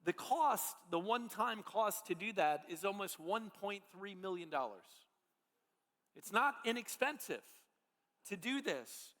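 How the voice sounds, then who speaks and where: Earnest high-voiced man preaching in a hall. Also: lively intonation, a bit bright. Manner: earnest, halting with many restarts. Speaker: pastor. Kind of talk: sermon storytelling. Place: large church hall.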